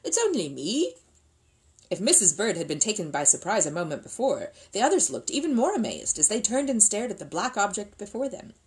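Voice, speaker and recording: A woman reading a children's book aloud in an expressive, lilting way. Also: medium pitch, fairly quick, hardly any pauses, low-quality recording. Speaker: reader.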